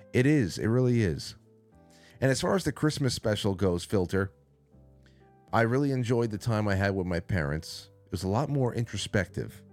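A man hosting a casual call-in stream from a studio, rambling and reading out chat names. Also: sits low. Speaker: call-in show host. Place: small studio. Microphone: studio mic.

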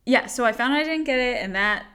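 Bright, upbeat woman podcast co-host. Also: on the high side, animated, clean tone. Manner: supportive, quick reactions, laughs often. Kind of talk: casual chat.

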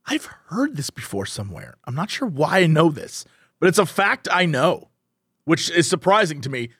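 A man's voice: a little high, sing-song, normal speed, fairly bright tone, slightly rough, dry recording, studio quality. A man co-hosting a podcast, making wry, joking asides in casual chat. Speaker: podcast co-host.

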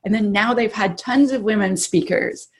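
A woman telling a story in casual chat on a video call, lively and laughing often. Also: mid-range voice, moderate pace. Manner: animated, acts out quoted voices, laughs often. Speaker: guest.

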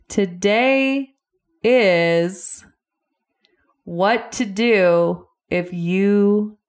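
A woman hosting her own podcast as a relationship coach, chatting upbeat and directly to her listeners. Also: lowish voice. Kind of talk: casual podcast monologue.

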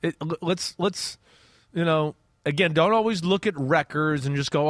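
A man's voice: on the high side, moderate pace, a bit bright, no room sound, studio quality. A man giving casual football analysis in a loose, rambling way with restarts and the odd curse. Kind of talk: casual sports talk.

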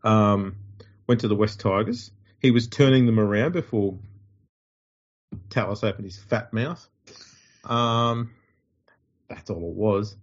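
A man's voice: lowish voice, slow, pauses often, lo-fi sound. A man with an Australian accent co-hosting a podcast in blunt, profane casual sports chat. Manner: blunt and profane, mocking impressions. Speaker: podcast co-host.

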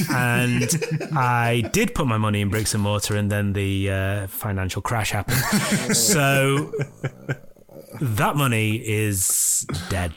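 A man's voice: lowish voice, a little slow, a bit bright. A man hosting a podcast in jokey, easygoing casual chat, stretching his words. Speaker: podcast host.

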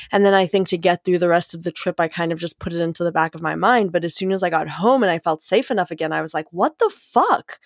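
A woman's voice: lowish voice, no room sound, clean studio sound. A woman host speaking candidly in a personal monologue, rambling with fillers and self-corrections, and swearing freely to land her points. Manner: frank, profanity-laced, animated emphasis.

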